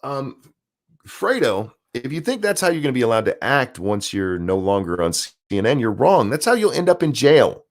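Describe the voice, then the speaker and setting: A man's voice: medium pitch, big pitch swings, a little fast, hardly any pauses. A man hosting a live stream, reading news articles aloud and ranting about them with sarcasm and profanity.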